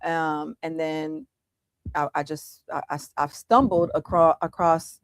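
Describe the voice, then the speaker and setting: A middle-aged woman speaks as a guest in an interview, recounting her journey with vivid, dramatic retellings and frequent false starts. Her voice sits somewhat low for a woman and sounds close and dry, with no room around it. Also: a little slow, no room sound. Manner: animated, dramatic retelling with many restarts. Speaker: guest entrepreneur. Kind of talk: candid interview storytelling.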